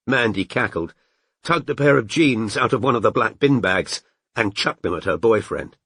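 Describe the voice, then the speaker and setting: An expressive man reading an audiobook, moving between narration and character voices. His voice sits mid-range but with a lively, rolling melody. The sound is dry and close, with no room in it. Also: fairly low pitch, moderate pace, husky, dry recording. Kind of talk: scripted narration.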